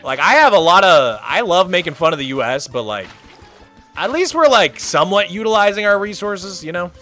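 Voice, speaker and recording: A man in his thirties chatting casually on a live game stream, rambling in an animated way with lots of filler words. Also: high voice, a little fast, soft background music. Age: 30s.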